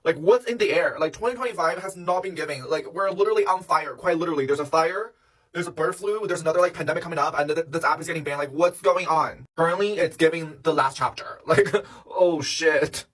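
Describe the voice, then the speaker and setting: A woman rants in slangy, dramatic bursts, now and then swearing. Her voice is husky, and she sounds set back from the mic. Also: low-pitched, a little fast. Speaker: social media commentator. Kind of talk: casual to-camera rant. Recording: distant from the mic.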